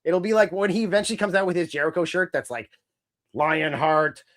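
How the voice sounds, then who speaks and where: A man co-hosting a podcast in casual chat. He talks in an animated way and slips into other people's voices as he tells stories. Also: fairly high pitch, fairly quick, dry recording, clean studio sound. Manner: animated, acts out voices of others mid-story. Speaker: podcast co-host.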